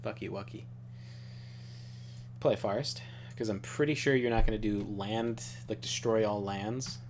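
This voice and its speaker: A man's voice: fairly low pitch, fairly even intonation, measured pace, slight background noise. A young man chatting casually over a card game, rambling, laughing and swearing freely. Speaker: show regular.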